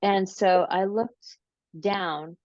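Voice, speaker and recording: A woman being interviewed, telling a long story slowly and casually, with many fillers and restarts. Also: medium pitch, fairly even intonation, a little mellow, dry recording. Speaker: interview guest, paranormal researcher. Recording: dull lo-fi audio.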